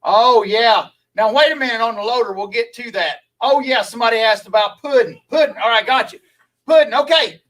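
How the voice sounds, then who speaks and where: A man's voice: very high-pitched, a little fast, fairly bright tone, far from the mic, rough recording. A man from Louisiana with a Southern accent, chatting folksily with viewers on a live stream, rambling and laughing easily.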